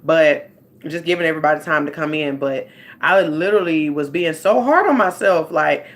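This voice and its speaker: A woman's voice: deep voice, moderate pace. A woman, a life coach hosting a casual livestream from home on her phone. She rambles and talks straight to her viewers.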